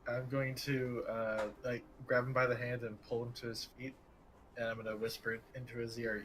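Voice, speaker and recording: A man playing in a tabletop game, given to lively, excitable banter. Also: medium pitch, normal speed, a little hiss or hum, rough recording. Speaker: player. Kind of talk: casual tabletop play.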